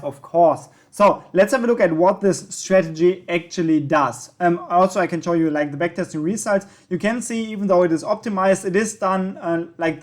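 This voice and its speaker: Young guy, german first language, slightly higher voice, chatty tutorial host, fills pauses with um and yeah. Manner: casual, self-correcting with frequent ums and yeahs. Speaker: trading channel host. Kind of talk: screen-recorded tutorial walkthrough.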